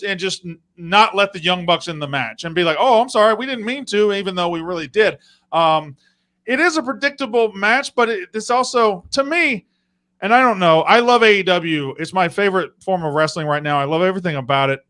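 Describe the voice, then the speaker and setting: Man, podcast host as guest, bright tense voice, jokey and rambling. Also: sits high. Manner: jokey, profane asides, rambling. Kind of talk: casual live-stream chat.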